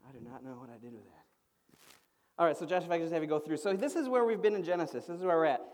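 A pastor with a bright, high-pitched voice preaches in a casual, animated way. His words ring out with a long reverb through the church sanctuary, and he keeps the tone easy and friendly. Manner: animated, conversational preaching with quick auctioneer-style imitations. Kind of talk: sermon.

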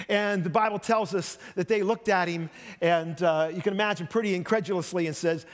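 Male pastor, higher voice, lively conversational sermon, echoing church hall. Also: moderate pace. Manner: conversational, animated retelling with voiced quotes. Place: church sanctuary. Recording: long reverb of a church hall.

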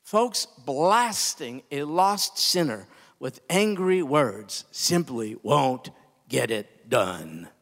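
A man preaching a sermon, impassioned, climbing to emphatic peaks and then dropping low and quiet. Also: sing-song, extremely slow, in a large hall. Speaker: pastor.

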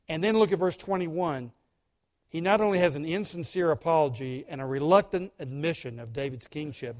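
Male pastor, higher voice, dramatic sermon delivery with sharp emphasis. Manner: emphatic, dramatic, swings between loud stress and quiet asides.

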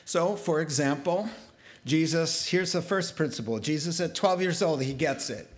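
Male pastor, sermon, fairly high voice, humorous, conversational, gets fired up. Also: moderate pace.

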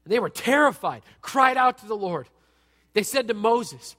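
Bright, high-voiced man preaching. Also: moderate pace. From United States. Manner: animated, conversational, joking, asks the audience questions. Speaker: pastor. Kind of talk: sermon. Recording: long reverb from a large hall.

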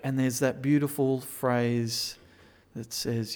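A man preaching a sermon, moving between quiet reflection and loud, emphatic pleading. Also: mid-range voice, lively intonation, measured pace.

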